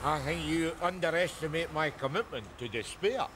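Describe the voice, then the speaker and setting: A cheeky middle-aged Glaswegian drunk, played by a man who begs loose change with gruff, wheedling patter. His voice sits high for a man. The TV soundtrack is noisy behind him. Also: normal speed, fairly bright tone, natural voice. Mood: wry. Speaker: Rab, a street drunk. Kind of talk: sitcom acting.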